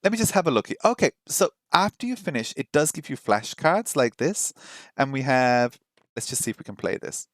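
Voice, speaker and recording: A man hosting a language-learning vlog, chatting casually while trying out an app, thinking aloud with frequent ums and slowly sounding out simple phrases as a learner. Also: mid-range voice, big pitch swings, dry recording, clean studio sound. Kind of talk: casual screen-share commentary.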